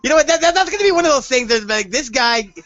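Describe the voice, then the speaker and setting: A man's voice: extremely high pitch, expressive, fast talker, fairly bright tone. A man co-hosting a podcast in casual chat, rambling and joking with lots of swearing. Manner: rambling, profane, jokey. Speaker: podcast co-host. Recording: dull lo-fi podcast audio.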